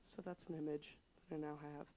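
A woman co-hosting a podcast in casual chat, joking with dark humor and laughing often. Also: low-pitched, level tone, a little fast. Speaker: podcast co-host.

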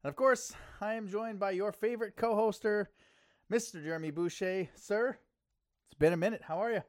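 A man's voice: high voice, moderate pace, no echo, studio quality. A man from Canada hosting a podcast, telling a travel story in a chatty way and laughing often. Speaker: podcast host. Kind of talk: casual podcast chat.

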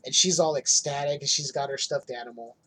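A man's voice: medium pitch, steady tone, a little fast, pushed and bright, slightly rough. A man in casual podcast chat, animatedly retelling a horror film, acting out lines and swearing freely. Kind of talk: casual movie recap chat.

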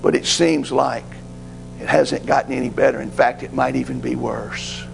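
A man's voice: mid-range voice, steady tone, moderate pace, creaky, over music, low-quality recording. A man preaching a sermon as pastor, rising to fervent pleading.

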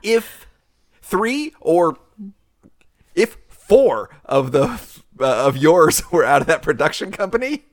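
A man's voice: on the high side, big pitch swings, slow, no room sound, studio quality. A man co-hosting a podcast in casual chat, wry and joking with mock-dramatic asides. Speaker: podcast co-host.

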